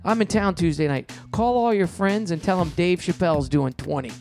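Middle aged guy rattling off stories, gravelly voice, faint music under it. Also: high-pitched. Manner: animated, quick storyteller who acts out quotes in a raised voice. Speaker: comedian and show producer, guest. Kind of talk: casual storytelling in a podcast interview.

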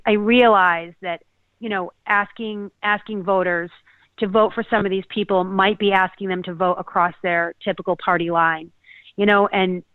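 A woman from Connecticut co-hosting a talk show, speaking earnestly and haltingly with many restarts. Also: medium pitch, no echo. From Connecticut, USA. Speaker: podcast co-host. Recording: tinny phone-like dry sound.

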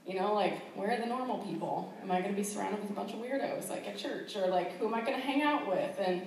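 A fast-talking woman with a medium, slightly mellow voice chats through her personal testimony as a missionary describing her calling, laughing and using many fillers. The church hall is very echoey, the mic is far off, and a little hiss or hum can be heard.

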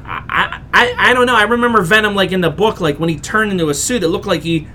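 A man's voice: high voice, fast talker, sharp tone, a little hiss or hum. A man hosting a casual podcast chat, opinionated and rambling, often restarting his sentences. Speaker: podcast host.

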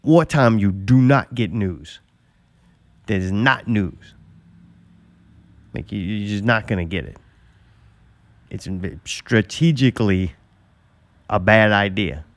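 A man's voice: on the low side, slow pace, long pauses, no echo. A man hosting a podcast who talks in a blunt, rambling way, swearing freely as he chats. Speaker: podcast host. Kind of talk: casual chat.

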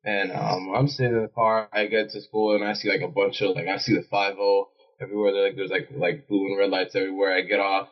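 Young guy, lowish husky voice, slangy laughing storyteller. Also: little pitch movement, muffled recording. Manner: slangy, laughing, quick restarts. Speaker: panel guest. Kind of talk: casual storytelling.

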